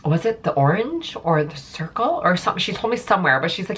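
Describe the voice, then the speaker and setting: A young woman tells a storytime to camera, chatty and casual, with her words strung together by "like" and "um". Her voice is bright and forceful and sits fairly low for a woman. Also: lively intonation, quick pace, few pauses, slight background noise. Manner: chatty, filler-heavy, lots of "like". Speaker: vlogger.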